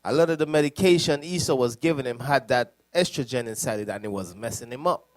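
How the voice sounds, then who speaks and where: A man speaking as a deacon on a preaching panel, animated and storytelling, with laughs and voice impressions. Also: medium pitch, quick pace.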